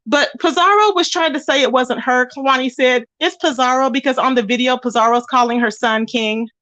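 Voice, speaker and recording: High-voiced chatty woman on a livestream. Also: fairly quick, a bit bright, no room sound. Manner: chatty, greets viewers with pet names. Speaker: livestream host. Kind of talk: casual gossip livestream. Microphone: phone.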